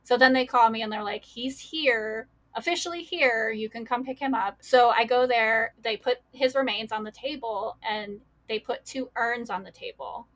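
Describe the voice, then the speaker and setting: A woman's voice: a little high, moderate pace, hardly any pauses, fairly bright tone. A young adult woman, a podcast guest, telling a painful personal story with many fillers and quoted voices.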